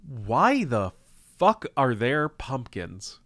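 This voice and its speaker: Guy streaming a game, slow lazy talk, swears a ton, bright voice, dry close mic. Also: mid-range voice, big pitch swings, dry recording. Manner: profane, rambling, laughs a lot. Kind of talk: casual live-stream chat.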